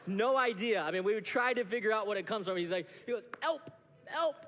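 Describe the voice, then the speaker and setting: A man in his thirties preaching a sermon as pastor, animated, acting out short exchanges with God. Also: high-pitched, fast. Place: church auditorium. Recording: long reverb of a church hall.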